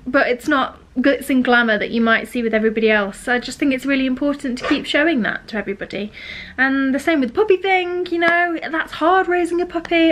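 With a high voice and a fairly bright tone, a young British woman in her twenties talks frankly to camera in a laid-back home vlog. She's chatty and informal, speaking with a British English accent.

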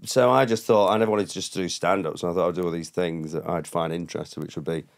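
Fast-talking, with a low, steady voice and some vocal fry, this comedian is a podcast guest spinning rambling anecdotes. He frequently cracks himself up and mocks the people he quotes by raising his voice.

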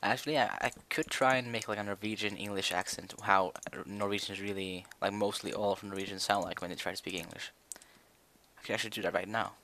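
A man's voice: lowish voice, fairly even intonation, fast talker, sharp tone, slight background noise. A young man chatting casually while he plays a building game, rambling and hesitant with many fillers. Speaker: gaming video creator. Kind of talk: casual Minecraft commentary.

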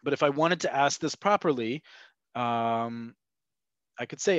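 A man of ordinary pitch walks learners through grammar in a patient, methodical way, checking in often. His voice comes through a dull, lo-fi video call with a close, dry sound. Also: a little slow, no room sound. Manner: patient, explains step by step with frequent "okay" and "right?". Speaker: Hebrew teacher. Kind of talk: online language lesson. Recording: dull, lo-fi webinar audio.

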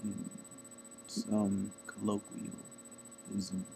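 A man's voice: lowish voice, completely flat delivery, very slow, gravelly, noisy background. A man who works as a language arts teacher, joking in a mock-serious way in casual chat.

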